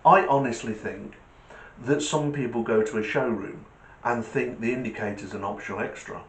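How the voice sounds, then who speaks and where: A man's voice: medium pitch, moderate pace, slight background noise. A man, hosting his channel with a casual rant and a joke, acting out the voices as he goes. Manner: lively storyteller acting out voices. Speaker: channel host. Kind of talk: casual monologue and joke telling. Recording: echoey room.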